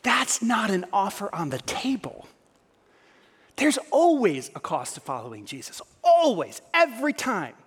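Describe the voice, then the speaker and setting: A man's voice: sits high, sing-song, moderate pace, a bit bright, husky. A male pastor preaching a sermon, firing rhetorical questions at his congregation. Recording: long hall reverb.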